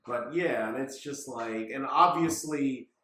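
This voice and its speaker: A man's voice: mid-range voice, a little slow, pushed and bright. A man co-hosting a podcast in casual chat, acting out quotes in character voices. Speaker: podcast co-host. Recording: roomy echo.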